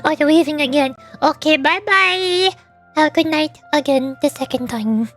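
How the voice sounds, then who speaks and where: A woman streaming and chatting casually with viewers, talking fast when excited and laughing often. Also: sits high, soft background music. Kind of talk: casual livestream chat.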